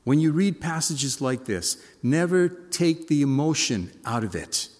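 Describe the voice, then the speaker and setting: A man's voice: a little high, lively intonation, a little slow, a little mellow, in a large hall. A man preaching a sermon, asking his listeners questions and acting out the voices of the people in the story. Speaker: pastor.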